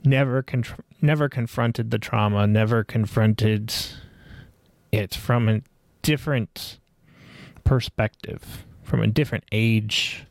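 Slow, gravelly-voiced man reflecting. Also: lowish voice, steady tone, no echo. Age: 40s. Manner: rambling, reflective, many fillers and restarts. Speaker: podcast host. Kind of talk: personal reflective monologue.

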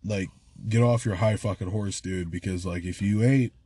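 A man's voice: lowish voice, fairly even intonation, moderate pace, dark tone, breathy edge. A man co-hosting a casual podcast, talking in slang, calling his friend "dog" and "bro", and swearing freely. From Michigan. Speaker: podcast co-host.

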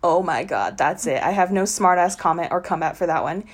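A woman's voice: lowish voice, lively intonation, brisk, breathy edge. A woman co-hosting a podcast, reading a trashy novel aloud with sarcastic, giggly asides. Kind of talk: mocking dramatic reading with commentary.

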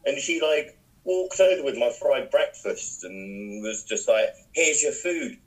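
A young man co-hosting a casual podcast, telling animated, sweary stories. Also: mid-range voice, unhurried, low-quality recording. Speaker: podcast co-host. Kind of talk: casual chat, storytelling.

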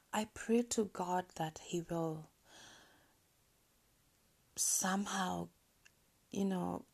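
A woman telling a personal story on her podcast in a soft, breathy, near-whispered voice, hesitant and halting with many pauses. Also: mid-range voice.

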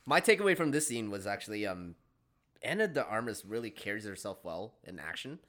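A man's voice: lowish voice, big pitch swings, brisk, fairly bright tone. A man co-hosting a casual film podcast, rambling easily with many fillers. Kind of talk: casual chat.

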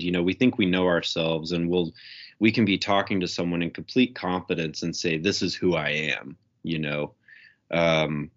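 A man talking as a guest in a casual spiritual conversation, relaxed, with lots of "you know" and "um". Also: sits low. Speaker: podcast guest. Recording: dull lo-fi sound.

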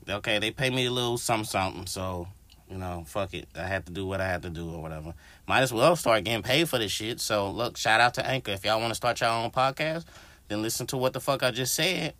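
A man's voice: medium pitch, no room sound. A man hosting his own podcast, ranting casually and profanely to his listeners. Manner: profane, animated, addresses listeners directly. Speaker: podcast host. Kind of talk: casual solo podcast rant.

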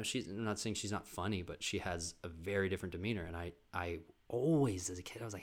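A man's voice: low-pitched, quick pace, hardly any pauses. A man hosting a podcast, telling family stories in a loose, rambling way, swearing freely and restarting his sentences. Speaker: podcast host. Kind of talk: casual storytelling monologue.

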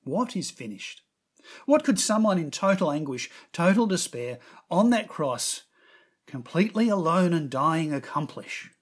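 A man preaching a sermon, telling the story with expressive emphasis and lifting his voice on quoted words. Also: a little high, unhurried, slightly rough.

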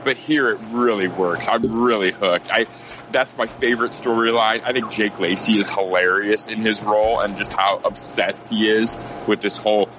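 A man's voice: fairly low pitch, fairly even intonation, normal speed, noisy background. A man co-hosting a podcast, reacting and sharing opinions eagerly in casual chat. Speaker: podcast co-host.

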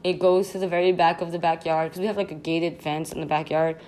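Lower-voiced young woman telling a story. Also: fast, a little hiss or hum. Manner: animated, slangy, constant "like", swearing, laughs often. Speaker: podcast host. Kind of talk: casual storytime monologue.

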